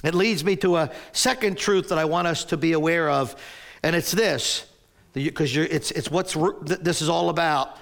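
A man's voice: on the high side, moderate pace, creaky, a bit bright. A man in his sixties preaching a sermon as a pastor, telling a story animatedly and often stumbling over restarts.

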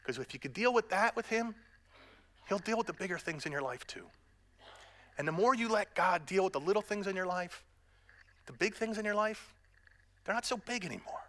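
A man's voice: high voice, animated, fairly quick, pauses often, pushed and bright. A middle-aged man preaching a sermon as pastor, earnest and direct with the congregation, mixing in self-deprecating humor.

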